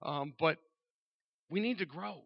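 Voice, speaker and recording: A man's voice: on the high side, unhurried, creaky. A man talking casually to a congregation, candid and joking, with lots of "um"s and acted-out dialogue. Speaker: church member announcing a men's group. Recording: dull sound, long reverb in a large room.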